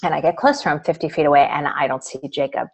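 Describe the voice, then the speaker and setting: Low-voiced woman telling a story. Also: fast, creaky, husky, poor audio. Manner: animated storytelling with quoted dialogue. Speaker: author guest. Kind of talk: storytelling in a live video interview.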